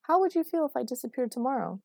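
A woman's voice: high voice, sing-song, fast talker, vocal fry, darkish tone, dry recording, studio quality, pitched above the performer's own voice, full character voice. A woman reading aloud, voicing an intense, protective young man who speaks emphatically. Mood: insistent.

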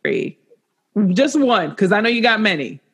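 A man's voice: sits high, very animated, moderate pace, creaky, fairly bright tone, husky. A man hosting a casual interview, talking earnestly and repeating phrases for emphasis. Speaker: podcast host.

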